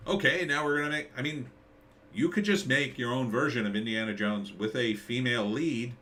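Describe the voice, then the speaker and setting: A man's voice: medium pitch, moderate pace, sharp tone, slight background noise. A middle-aged man hosting a live stream, rambling sarcastically and reading out chat comments. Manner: rambling, sarcastic, reads chat names aloud.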